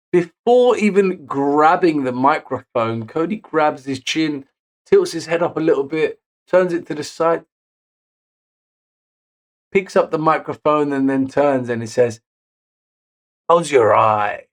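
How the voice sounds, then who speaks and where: Man, wrestling recap host, higher register, unhurried delivery, excitable on big moments, self-correcting. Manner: self-correcting, picks words as he goes. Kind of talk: casual recap narration.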